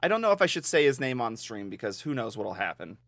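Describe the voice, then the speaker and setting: A man's voice: medium pitch, very animated, fast talker, vocal fry, fairly bright tone, no room sound. A man co-hosting a podcast, telling stories in casual chat, laughing and swearing often. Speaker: podcast co-host.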